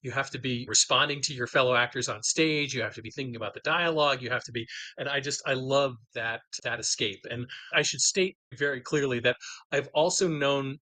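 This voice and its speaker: A middle-aged man tells enthusiastic stories about his writing in a casual interview. His voice is bright and forceful, and it sounds dry and close. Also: mid-range voice, a little fast, no echo, low-quality recording. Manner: enthusiastic, animated storyteller. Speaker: novelist and guest.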